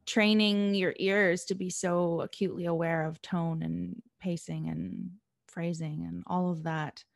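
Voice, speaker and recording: A woman hosting a podcast interview, asking curious questions with quick reactions. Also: fairly low pitch, little pitch movement, gravelly, no echo, clean studio sound. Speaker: podcast host. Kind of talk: casual interview chat.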